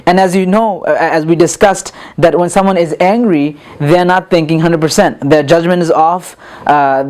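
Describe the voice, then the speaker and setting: A man's voice: fairly high pitch, a little mellow. Earnest man teaching with frequent restarts. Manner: earnest, repeats words, many fillers and restarts. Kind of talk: lecture on calming anger.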